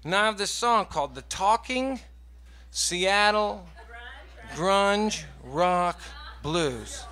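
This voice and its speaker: A man with a Southern accent, telling a halting, dryly funny story between songs at a concert. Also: high voice, expressive, sharp tone, some chatter behind. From Oregon and the US South. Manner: rambling, halting, dry humor. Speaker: singer-songwriter. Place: live music venue. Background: guitar music.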